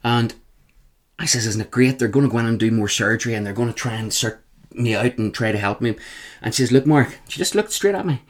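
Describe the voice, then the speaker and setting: A man's voice: medium pitch, fairly quick. Northern irish guy telling his story to the host, emphatic, keeps saying the host's name. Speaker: guest. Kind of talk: storytelling in an interview.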